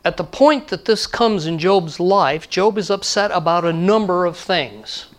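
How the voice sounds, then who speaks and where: A man's voice: high-pitched, lively intonation, unhurried. A male pastor preaching a sermon in a conversational way, repeating key lines for emphasis.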